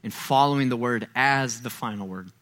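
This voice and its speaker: A male pastor delivers a sermon in a church, casual and conversational in tone. He slips into playful quoted voices and pushes his voice up and louder on key points. His voice sits at an ordinary middle pitch. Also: normal speed. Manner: conversational, acts out quoted voices, rises loud and high when stressing. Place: church sanctuary.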